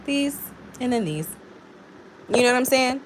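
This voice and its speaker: A woman's voice: high-pitched, lively intonation, unhurried, slight background noise. A woman giving a casual live tarot reading, talking frankly and chattily to a viewer, with plenty of swearing. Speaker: tarot reader.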